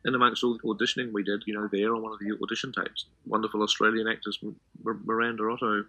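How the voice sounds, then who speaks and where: A man's voice: fairly low pitch, little pitch movement, fast talker, pushed and bright, no echo, rough recording. A man being interviewed for a documentary, recalling moments from a film shoot. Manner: anecdotal, conversational storytelling. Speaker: filmmaker interviewee.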